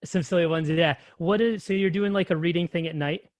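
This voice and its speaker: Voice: medium pitch, fairly even intonation, a little fast, dry recording. A laid-back interview host who asks questions and reacts with casual slang. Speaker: podcast host.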